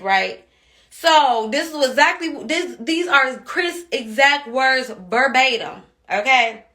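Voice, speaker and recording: An upset mother rants on social media with a bright, sharp voice. She cusses, circles back to the same points and stays heated throughout. Her pitch sits high for a woman. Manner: heated, cussing, repeats herself. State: upset and angry. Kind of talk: angry social media rant.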